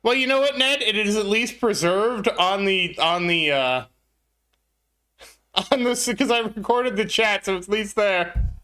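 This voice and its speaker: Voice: mid-range voice, expressive, unhurried, bright, forceful tone. A game streamer talking casually to live viewers, flustered, apologetic and laughing at their own mistake.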